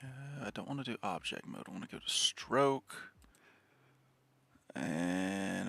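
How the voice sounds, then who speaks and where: A man in casual chat while drawing on stream, relaxed and muttering to himself as he works. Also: lowish voice, slow, creaky, no echo.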